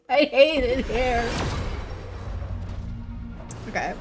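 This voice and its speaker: A woman's voice: on the high side, lively intonation, takes it slowly, pauses often, bright, forceful tone, soft background music. A young woman streamer giving casual gameplay commentary, swearing and playing up mock-dramatic self-pity.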